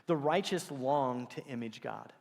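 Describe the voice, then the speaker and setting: The voice of this middle-aged man is mid-range and creaky, a little slow, resounding in a big room. As pastor, he preaches a sermon in a church sanctuary, telling stories vividly and acting out the quotes.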